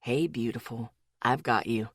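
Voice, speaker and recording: Woman voicing a gentle soothing young man. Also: very deep voice, slow, dry recording, clean studio sound, voice pushed down. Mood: tender. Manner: soft-spoken, whispering.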